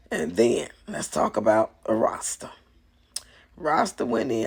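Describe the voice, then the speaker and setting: A woman vlogger talking casually to her viewers, chatty and animated, swearing freely and laughing often. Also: low-pitched, normal speed, gravelly, breathy edge. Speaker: YouTube vlogger. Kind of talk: casual commentary vlog.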